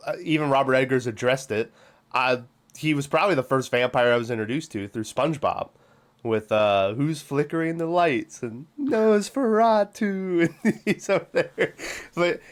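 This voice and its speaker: A man hosts a casual movie review podcast at a middling pitch. He talks in a chatty, loose way, laughs often and swears freely. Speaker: podcast host.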